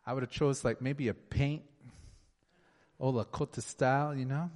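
A man preaching a sermon and praying, slow and earnest, often dropping to a softer tone. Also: mid-range voice, fairly even intonation. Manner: slow, earnest, drops to soft tones. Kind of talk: sermon with prayer. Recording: long hall reverb.

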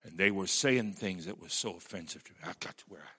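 Gravelly-voiced male preacher. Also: sits low, fast, bright, forceful tone. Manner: emphatic, storytelling preacher. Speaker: pastor. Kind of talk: sermon.

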